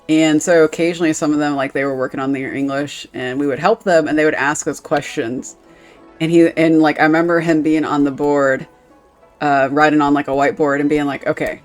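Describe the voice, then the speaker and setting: A woman streaming a game, chatting casually, rambling with lots of fillers and swearing freely. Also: sits low.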